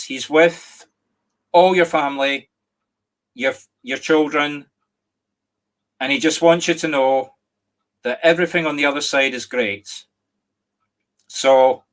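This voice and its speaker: A middle-aged Scottish man, a medium giving a live reading online, speaking gently and apologetically with many restarts and a catch of emotion. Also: a little high. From Scotland. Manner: emotional, near tears at times. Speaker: psychic medium.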